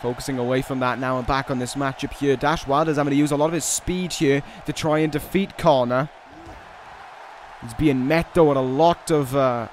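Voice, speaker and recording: A man's voice: fairly high pitch, slight background noise. Man calling game wrestling, casual and rambling. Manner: casual, rambling asides with restarts, excited calls on big moves. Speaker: gaming video host. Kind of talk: play-by-play commentary over a wrestling video game.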